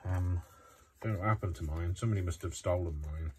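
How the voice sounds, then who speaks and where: Deep-voiced chatty man crafting. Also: brisk, dark tone, a little hiss or hum. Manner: chatty, self-mocking, rambling apologies. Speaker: craft vlogger. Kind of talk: casual chat while crafting. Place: home craft room.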